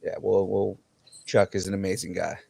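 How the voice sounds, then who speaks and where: A man hosting a casual pop culture podcast, relaxed and jokey, with fillers and restarts. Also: low voice, normal speed, creaky, slightly rough, no echo. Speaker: podcast host. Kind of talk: casual chat and show hosting.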